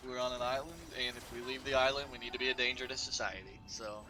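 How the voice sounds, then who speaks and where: A man's voice: medium pitch, flat delivery, fast talker. A man giving laid-back, joking color commentary on a live esports match, with lots of "uh" and "like". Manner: laid-back, joking analysis with many fillers.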